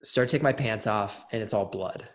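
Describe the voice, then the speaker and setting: A man's voice: on the low side, moderate pace. A young adult man, an interview guest, telling a personal story in casual conversation, with many fillers and restarts.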